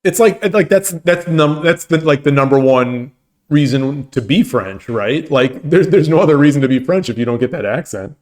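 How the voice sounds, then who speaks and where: A man's voice: mid-range voice, lively intonation, normal speed. A man hosting his own stream and chatting casually with viewers, rambling and laughing as he talks. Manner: rambling, full of restarts and laughter. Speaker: streamer and host.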